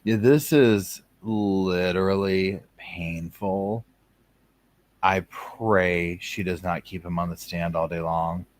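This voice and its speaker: A man's voice: sits low, slow pace, no room sound. A man giving chatty, sarcastic live commentary over a courtroom stream, acting out what people in the room might be thinking. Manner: chatty, sarcastic, acts out people's thoughts in asides.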